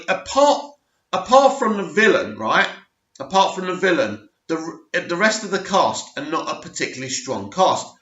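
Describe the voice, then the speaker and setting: A man's voice: on the high side, bright, forceful tone, echoey room, dull audio. A middle-aged man giving a blunt, emphatic film review rant, stressing points and often asking "right?". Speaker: movie review vlogger.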